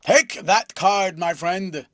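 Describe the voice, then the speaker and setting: A man voicing a loud, overbearing, pompous male philanthropist in an audiobook reading. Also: slow, dry recording, clean studio sound. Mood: pompous booming. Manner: booming, ferocious, self-important.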